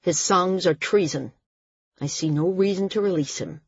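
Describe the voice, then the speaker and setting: A woman voicing a cruel, volatile male ruler who sneers and threatens, breathy and low. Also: moderate pace, no room sound, muffled recording. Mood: menacing. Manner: menacing, sneering, prone to rage.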